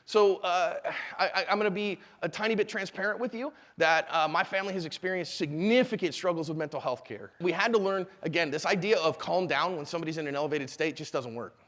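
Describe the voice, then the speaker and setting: A man in his forties teaching a live class, animated and quizzing the audience. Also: fairly high pitch, quick pace, hardly any pauses, long reverb tail. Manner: animated, asks the audience questions. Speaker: self-defense instructor.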